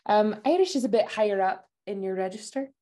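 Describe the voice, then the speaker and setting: A woman working as a dialect coach, chatting casually in an interview, bubbly and quick to laugh. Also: mid-range voice, animated, mellow. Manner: bubbly, laughs often, enthusiastic about food. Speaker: dialect coach at a themed park. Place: Utah.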